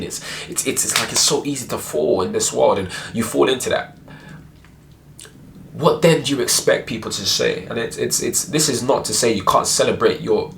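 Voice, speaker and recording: Young guy, lowish voice, earnest faith vlog rant, stops and restarts a lot, bit of hiss behind. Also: creaky, a bit bright. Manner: earnest, many restarts and rhetorical questions. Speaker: Christian video blogger. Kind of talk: casual spoken commentary.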